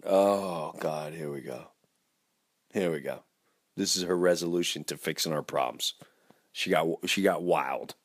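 A man hosting a podcast, telling a dramatic story in an animated, rambling way full of restarts. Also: very deep voice, a little slow, pauses often. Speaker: podcast host.

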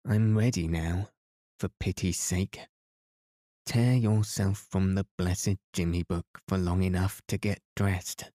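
A man reading aloud, voicing a blunt, practical teenage girl with a brisk, offhand manner. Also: deep voice, steady tone, warm tone, dry recording, clean studio sound.

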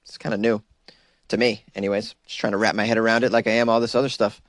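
A man's voice: on the low side, level tone, fast, fairly bright tone, no room sound, clean studio sound. A man hosting a podcast, giving loose comedic commentary, laughing often and mocking quotes in silly voices. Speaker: podcast host.

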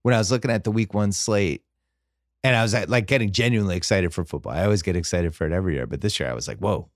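A low-sitting, rapid-fire male voice, captured cleanly in the studio with no room sound, belongs to a podcast host. His casual football talk rambles wryly, with frequent self-interruptions and restarts.

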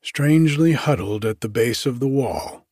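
A man narrating a classic story in a measured, deliberate reading. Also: mid-range voice, animated, darkish tone, no echo, studio quality. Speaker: audiobook narrator.

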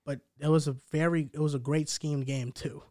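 Man with a slightly high, dry voice. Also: moderate pace, no room sound. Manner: analytical, steady, building arguments point by point. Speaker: podcast co-host. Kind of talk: casual sports talk.

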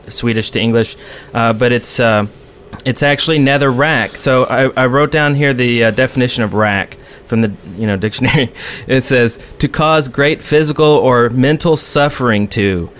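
A man co-hosting a casual gaming podcast, chatty and quick to laugh, humming to himself as he reads through a list. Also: mid-range voice, fairly bright tone, a little hiss or hum. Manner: chatty, laughs often, hums while reading a list. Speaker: podcast co-host. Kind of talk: casual chat.

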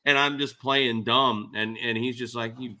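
A man chatting casually as an interview guest, an animated storyteller who laughs often. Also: mid-range voice, normal speed. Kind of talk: casual chat.

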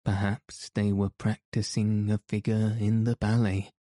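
A man's voice: lowish voice, flat delivery, unhurried, warm tone, no echo, clean studio sound, close to an everyday voice. A man voicing an evasive, puzzled male theatre manager in an audiobook, speaking dryly and offhandedly.

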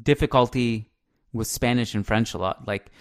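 A man in his thirties hosting a casual podcast, chatty and quick to laugh, thinking out loud. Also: medium pitch, fairly even intonation, smooth. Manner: chatty, laughs easily, thinks aloud with restarts. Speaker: podcast host. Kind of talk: casual chat.

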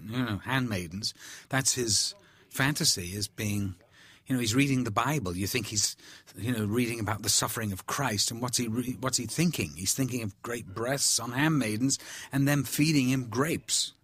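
A man, an actor commenting on a film, telling candid stories in an animated, chatty way. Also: medium pitch, normal speed, husky. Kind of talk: film commentary, anecdotal chat.

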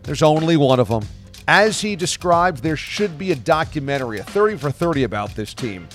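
A man's voice: on the high side, very animated, fairly quick, fairly bright tone, faint music behind. A man hosting a sports podcast, reading a dramatic scripted intro with punchy delivery, then opening the interview. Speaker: podcast host.

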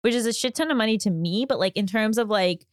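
A young woman co-hosting a podcast in casual chat, animated and full of fillers. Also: a little high, fast, no echo. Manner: animated, filler-heavy, often laughing. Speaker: podcast co-host.

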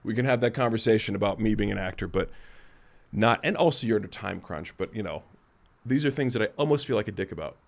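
A man's voice: lowish voice, animated, fast talker, vocal fry. A man hosting a podcast in casual chat, rambling and self-deprecating, acting out other people's lines as he tells stories. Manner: rambling and self-deprecating, acts out quoted voices. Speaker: podcast host.

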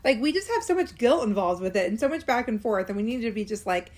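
A woman's voice: on the high side, animated, fast, darkish tone. A woman in her thirties, a mother co-hosting a casual podcast, chatty and acting out quoted lines in little voices. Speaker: podcast co-host. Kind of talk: casual chat about a cartoon.

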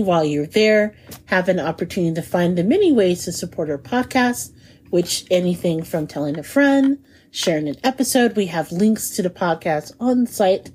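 Husky-voiced woman hosting a food podcast. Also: fairly low pitch, darkish tone. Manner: enthusiastic, laughs often, savoring descriptions. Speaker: podcast host. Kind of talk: casual food podcast chat.

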